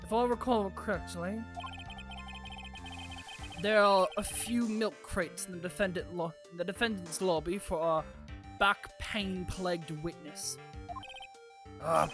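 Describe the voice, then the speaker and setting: A woman's voice: mid-range voice, measured pace, long pauses, sharp tone, soft background music. A woman voicing a composed, haughty young male prosecutor, speaking in a dry, polished, formal way. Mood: wry.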